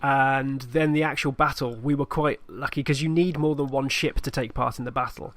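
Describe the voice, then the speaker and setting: A young man co-hosting a gaming podcast who tells a story in a lively, casual way and acts out voices. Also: medium pitch, moderate pace, dry recording. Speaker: podcast co-host. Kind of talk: casual chat recounting a game session.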